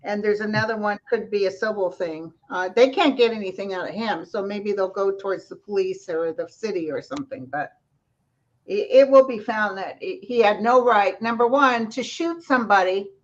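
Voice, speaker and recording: A woman's voice: medium pitch, moderate pace. A woman joining a casual chat as guest psychic over a video call, talking in rambling, trailing sentences. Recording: dull lo-fi call audio.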